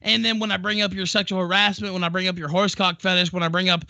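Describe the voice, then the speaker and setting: A man hosting a talk show, debating aggressively on a live stream, yelling and hurling profane insults. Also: high voice, level tone, fast, vocal fry, dry recording.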